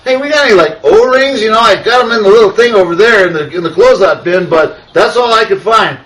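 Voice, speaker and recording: A man's voice: sits high, quick pace, a bit bright, far from the mic, pitched above the performer's own voice, low-quality recording. A man puts on a clueless young male parts clerk with a raised, lighter voice. He drawls and sounds unsure of himself. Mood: apologetic.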